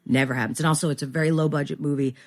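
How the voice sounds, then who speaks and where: A woman's voice: low voice, fairly even intonation, rapid-fire. A middle-aged woman actor talking candidly as an interview guest, rambling and self-deprecating with many fillers.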